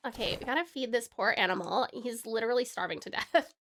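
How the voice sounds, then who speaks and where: A woman's voice: a little high, a little fast, few pauses, a bit bright. A young woman streaming a game, chatting with her viewers, giggling often and swearing freely. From Tasmania, Australia. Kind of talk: casual game-stream commentary.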